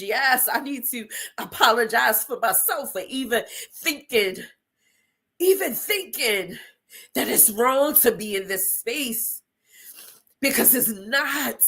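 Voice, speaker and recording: A woman in middle age pours out an emotional inspirational monologue, her high voice husky and close to tears. She moves slowly, leaning on repetition like a sermon, and stays defiant. It sounds like a personal testimony. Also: a bit bright. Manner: preacher-like repetition, tearful and defiant. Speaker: host.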